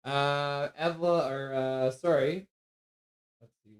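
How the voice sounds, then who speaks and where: A man hosting a live hockey stream, calling the play, reading chat and cooing at his dog in soft baby talk. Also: fairly high pitch, a little slow, pauses often. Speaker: streamer host.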